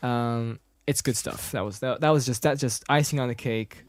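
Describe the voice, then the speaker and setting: A man's voice: mid-range voice, normal speed. A man co-hosting a podcast, chatting casually and animatedly about a film, humming its music cues and acting out lines. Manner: animated, hums music cues and acts out quotes. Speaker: podcast co-host. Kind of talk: casual chat recapping a film.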